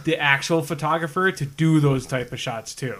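A man's voice: fairly high pitch, brisk, a crowd in the background. A man co-hosting a podcast, making wisecracks in casual banter. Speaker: podcast co-host.

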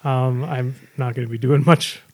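A man's voice: medium pitch, fairly even intonation, moderate pace. A man co-hosting a podcast in casual chat, joking and complaining. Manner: joking, complaining, sings along. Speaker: podcast co-host.

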